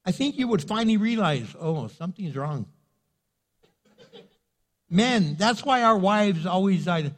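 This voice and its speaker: A middle-aged man preaches a sermon in a fairly high voice. He is lively and theatrical, slipping into the voices of the people he quotes and building to loud, emphatic peaks. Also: unhurried. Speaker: pastor.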